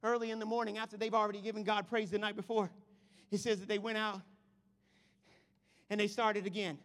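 High bright-voiced guy preaching, goes quiet then yells, big church reverb. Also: flat delivery, a little fast. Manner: swings from quiet to shouting praise. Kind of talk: sermon. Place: church hall. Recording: long hall reverb.

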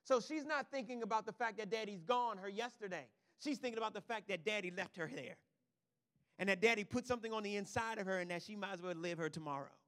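Man preaching a sermon, bright tense voice, checks in with the crowd, gets loud and emphatic. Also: high-pitched, fast talker, in a large hall. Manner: emphatic preaching that swings from quiet asides to loud declarations; checks in with the congregation. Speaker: pastor.

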